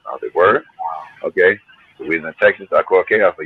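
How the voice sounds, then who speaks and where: A man's voice: sits low, fast, breathy edge, phone-quality sound. A middle-aged man from New Jersey, a hip hop artist telling stories in a laid-back, slangy, profane way. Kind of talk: casual storytelling interview.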